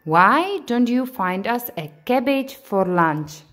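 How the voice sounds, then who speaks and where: A woman voicing a gentle, patient mother rabbit in a storybook reading, calm and soothing. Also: on the high side, takes it slowly, voice pushed up.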